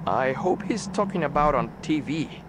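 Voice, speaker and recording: A man's voice: on the high side, animated, normal speed, background noise, natural voice. A man voicing a stiff, formal, earnest male federal agent in a video game. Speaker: game character.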